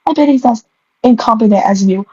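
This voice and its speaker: Here a young creator reads her own old story aloud, fumbling words and tossing in comic jabs at her writing between giggles. She talks a little fast, in a slightly high, dark voice with a breathy edge. The audio is dry and dull, with a lo-fi quality.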